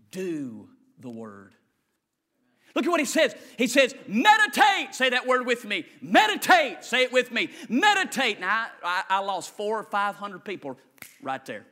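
A male preacher giving a sermon, swinging between loud shouted lines and quiet low asides. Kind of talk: energetic sermon.

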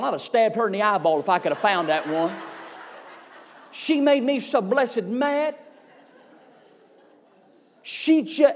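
A man, preaching a sermon in a folksy, emphatic storytelling way with comic exaggeration. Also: extremely high pitch. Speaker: revival preacher.

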